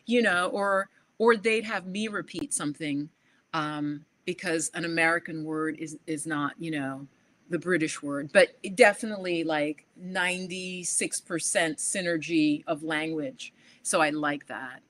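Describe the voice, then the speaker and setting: A woman's voice: low-pitched, a little slow. Chatty New woman telling travel stories. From New York. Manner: animated storyteller, acts out quoted exchanges, frequent "like" and laughs. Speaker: livestream host. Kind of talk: casual chat to viewers.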